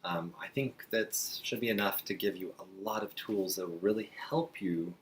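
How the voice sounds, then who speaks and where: A man teaching beginner sign language to parents in a friendly, chatty way, slowing down while he demonstrates signs. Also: low voice, slight background noise. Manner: relaxed, chatty, with frequent fillers and slow demonstrating passages. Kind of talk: friendly instructional talk to parents.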